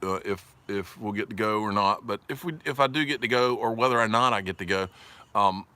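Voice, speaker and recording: Southern male stream host, slightly low voice with a forceful edge, jokey, reads comments. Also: fairly quick. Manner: rambling and jokey, laughs often, reads viewer comments aloud. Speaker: livestream host. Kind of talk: casual livestream chat.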